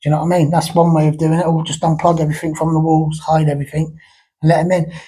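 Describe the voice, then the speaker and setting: A man's voice: fairly high pitch, little pitch movement, fast talker, dark tone, husky, low-quality recording. A man ranting casually to camera, blunt and rambling, telling stories with repeated words. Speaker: YouTube ranter.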